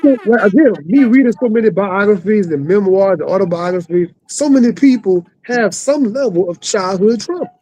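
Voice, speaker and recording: A man's voice: sits high, lively intonation, moderate pace, few pauses, warm tone, highs cut off. A man hosting a talk show, speaking in a thoughtful, conversational way. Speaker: host. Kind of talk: casual talk show chat.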